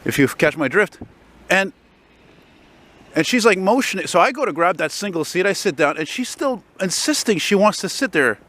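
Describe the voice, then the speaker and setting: This vlogger has a high-pitched, expressive, fairly bright voice and talks at a moderate pace. He strolls snowy city streets, spinning a rambling story full of swearing for his handheld camera, with faint traffic behind him.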